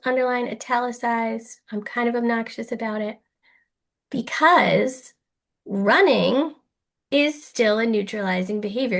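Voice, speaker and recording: A woman teaches a virtual clinical workshop over a video call, her voice sitting a little high. She talks in a chatty, playful way and leans hard on key words for emphasis. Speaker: clinical trainer.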